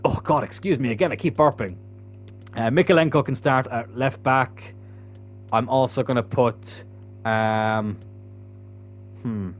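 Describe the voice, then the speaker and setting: A man's voice: medium pitch, measured pace, long pauses. A man giving casual, chatty commentary while playing a football video game, swearing freely. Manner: chatty, swearing, bursts into loud laughter. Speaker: gaming YouTuber.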